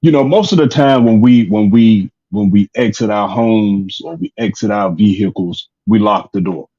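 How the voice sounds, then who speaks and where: A man in a casual discussion, laying out his point in a measured way and repeating words as he builds it. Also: fairly low pitch, dark tone, slightly rough, highs cut off.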